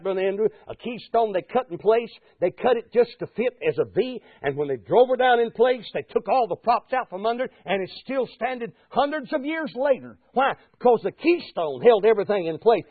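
A man preaching a sermon, building to fervent shouts and asking the congregation "Amen?". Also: sits high, dry recording. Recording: tinny phone-like radio broadcast.

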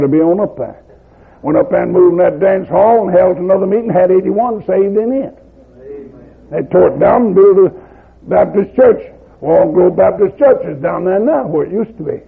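An older man with a Southern American accent preaching a revival sermon, telling stories in a rhythmic cadence that climbs to shouts. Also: high-pitched, very animated, normal speed. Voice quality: gravelly, husky voice. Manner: rhythmic, rising to shouts at climaxes. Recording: lo-fi phone-like old tape.

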